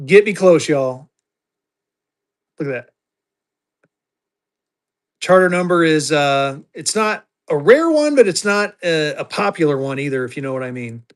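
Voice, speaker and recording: A man's voice: a little high, big pitch swings, unhurried, pauses often. Chatty man running a live auction. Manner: chatty, thinks aloud, calls viewers y'all. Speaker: livestream auction seller. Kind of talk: casual live-sale chatter.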